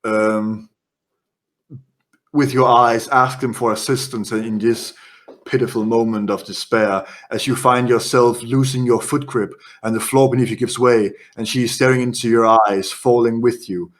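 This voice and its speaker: A man running a horror tabletop game as game master, narrating scenes in quick descriptive bursts. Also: medium pitch, fairly even intonation.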